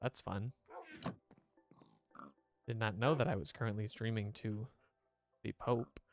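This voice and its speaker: A man's voice: lowish voice, fairly even intonation, measured pace. A man streaming a game, chatting casually to his viewers and rambling as he plays. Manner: rambling, chatty, talks to chat.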